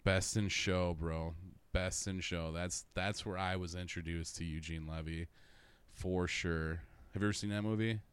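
A man's voice: deep voice, fairly even intonation, moderate pace, smooth. A man co-hosting a casual podcast, reading out listener comments, laughing often and swearing freely. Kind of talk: casual chat.

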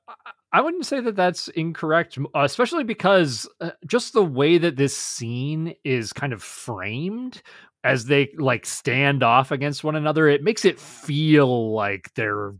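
A man co-hosting a podcast, chatting casually about episodes, excitable and swearing freely. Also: a little high, takes it slowly, no room sound, clean studio sound. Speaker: podcast co-host. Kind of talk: casual episode review chat.

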